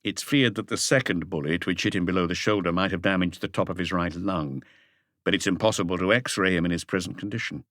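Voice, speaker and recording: A man voicing a calm chief inspector who gives orders in a measured, steady way. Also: deep voice, no room sound, studio quality.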